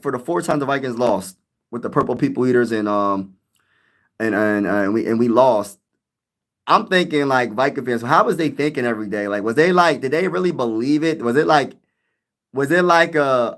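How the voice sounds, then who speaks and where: This young man runs a sports live stream, responding to chat in a loose, hyped style heavy on slang and rambling. He speaks with a medium-pitched, fairly bright voice.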